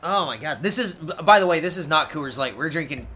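A man hosting a podcast, ranting in a loud, excitable way, swearing a lot and laughing often. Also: fairly high pitch, a little fast, slight background noise. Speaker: podcast host. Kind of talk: casual podcast chat.

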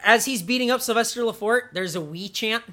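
A man's voice: very high-pitched, fairly quick, sharp tone. A man co-hosting a podcast, chatting casually and enthusiastically through a wrestling recap, rambling and laughing often. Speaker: podcast co-host.

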